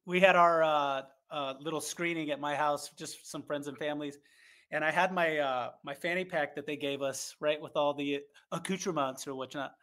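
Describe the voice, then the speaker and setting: A man and former game show contestant, telling an anecdote in a casual group chat, excitable and acting out his own quotes. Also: fairly high pitch, normal speed.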